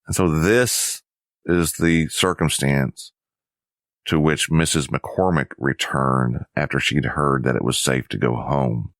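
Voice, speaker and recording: Narrating a history lesson, a man with an extremely deep, low voice that is still a bit bright speaks in a measured, somber manner. The sound is close and dry, with no echo.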